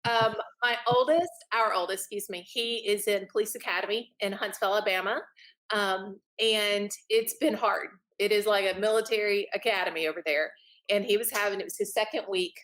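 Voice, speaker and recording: A woman, a podcast guest telling a story in a lively way and acting out what others said. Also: mid-range voice, fairly quick. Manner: animated, laughing, acts out quotes. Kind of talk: casual storytelling.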